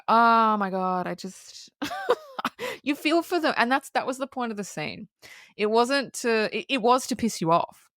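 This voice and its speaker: A woman co-hosting a podcast, recapping a horror film in casual, profane, animated chat and acting out the characters' lines. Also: mid-range voice, measured pace, dry recording, studio quality. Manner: profane, animated plot recapping with acted-out quotes. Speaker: podcast co-host.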